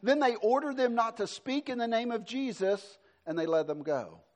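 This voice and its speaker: Middle-aged guy preaching a sermon, pretty high voice, goes loud then drops real soft. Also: normal speed. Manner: preaching with swings between emphatic and soft, hushed delivery. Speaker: pastor.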